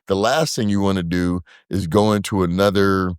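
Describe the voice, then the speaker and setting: A man's voice: low-pitched, fairly even intonation, normal speed, clean tone, no room sound, clean studio sound. A man, guest co-founder of a brewery, talking in a loose, profane, slangy way full of restarts. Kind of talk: casual podcast conversation.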